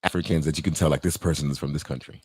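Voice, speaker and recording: A Nigerian man co-hosts a relaxed podcast chat, telling stories as a playful narrator who jokes and laughs easily. His voice is deep, rumbling and husky, with fairly steady intonation. The recording is dry, with no room sound.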